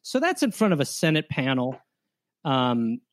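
A man's voice: mid-range voice, sing-song, moderate pace. A man hosting a comedy podcast, telling a history story in a loose, joking way with asides. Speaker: podcast host.

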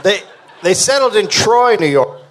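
A man's voice: high voice, normal speed, background noise. A man hosting a live comedy history podcast, reading a story aloud to his co-host and cracking jokes on stage. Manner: joking, animated storyteller. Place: live theater stage before an audience.

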